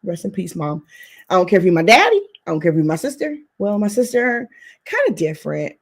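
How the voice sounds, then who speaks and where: A woman in her twenties co-hosting a couples podcast, telling her side in an emphatic, animated casual chat. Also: lowish voice, a little fast. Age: 20s. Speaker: podcast co-host.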